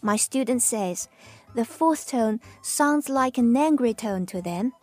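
A woman from China with a Chinese accent, teaching Mandarin tones with patient, drawn-out model words. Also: on the high side, expressive, darkish tone, soft background music. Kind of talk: slow pronunciation lesson.

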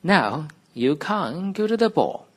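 A man's voice: fairly high pitch, very animated, slow pace, husky, pitched above the performer's own voice, exaggerated voice. A man playing a kind old fairy godmother. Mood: kindly.

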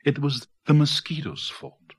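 A man voicing a small, excitable male iguana with a high, protesting voice in a read-aloud picture book. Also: a little slow, breathy edge, exaggerated voice.

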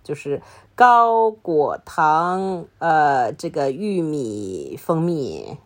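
Woman storybook reader for kids; lower voice, hugely varied melody, slow and explanatory. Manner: expressive, explanatory, playful. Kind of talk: bilingual read-aloud for kids.

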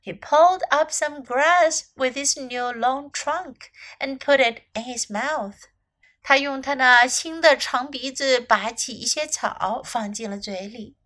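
A woman teacher reading a children's story aloud in two languages with a gentle storytelling delivery. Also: sits high, measured pace. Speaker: English teacher.

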